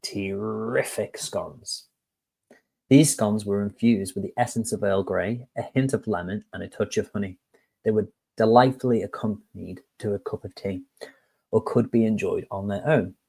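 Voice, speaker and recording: A man's voice: lowish voice, normal speed, creaky, dark tone, husky. A man, an HR course tutor who talks to viewers in a chatty, direct way and reads a storybook tale. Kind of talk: casual lesson with storytelling.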